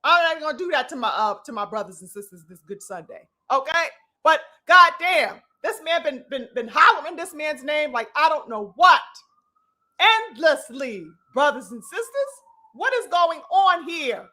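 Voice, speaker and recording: A woman delivers a live-stream boxing commentary rant in a very high voice. Her tone is bright and sharp, and she hammers her point with profanity and stacked rhetorical questions. She calls out to her listeners as brothers and sisters, like a preacher working a congregation. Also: expressive, moderate pace. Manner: addresses the audience like a preacher.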